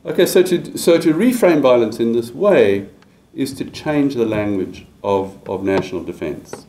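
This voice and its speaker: A man giving an academic lecture, measured, with frequent fillers and repeated restarts. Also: medium pitch, expressive, dark tone, poor audio. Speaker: university lecturer.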